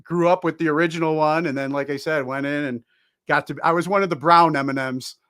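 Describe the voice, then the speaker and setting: A man hosting a podcast, chatting casually and reminiscing in a relaxed, easygoing way. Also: on the high side, fast talker, smooth, no room sound, clean studio sound. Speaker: podcast host. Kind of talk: casual chat.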